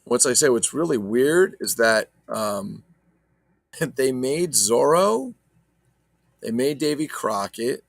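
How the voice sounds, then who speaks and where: A man with a mid-range, gravelly, fairly bright voice chats casually about his toy collection in an unboxing video, rambling and swearing as he talks to viewers. There's no echo.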